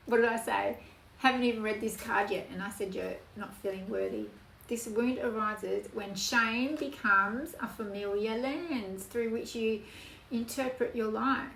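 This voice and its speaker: A woman giving a spoken tarot reading in an earnest, emotional way, with slow emphatic phrasing. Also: on the high side, a bit bright. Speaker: tarot reader. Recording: echoey room, voice from off-mic, background noise.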